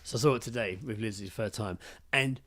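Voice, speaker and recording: Excitable swearing man. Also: lowish voice, fast, crowd noise. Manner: excitable, heavy swearing, retells scenes with acted quotes. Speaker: podcast co-host. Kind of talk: casual chat.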